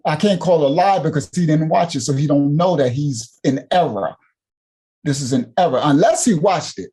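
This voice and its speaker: A man's voice: fairly high pitch, moderate pace, warm tone, husky. A man hosting a ministry channel, delivering heated, preachy commentary and repeating points for emphasis. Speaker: ministry host reacting to clips.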